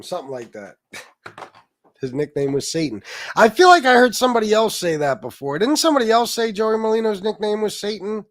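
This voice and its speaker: A man's voice: sits high, big pitch swings, fairly quick, fairly bright tone. A man hosting a casual livestream with a stuffed-up nose, rambling, swearing and reading viewers' chat comments aloud. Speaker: livestream host.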